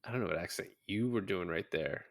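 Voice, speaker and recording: A man's voice: low voice, brisk, vocal fry. A man co-hosting a film podcast, recapping scenes in loose, profane casual chat and laughing as he goes. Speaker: podcast co-host. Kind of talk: casual movie-review chat.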